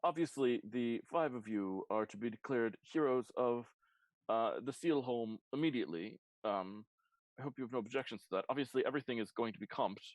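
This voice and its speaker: A man's voice: medium pitch, animated, a little fast, no echo, natural voice, low-quality recording. A man doing a fussy formal elf host. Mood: apologetic.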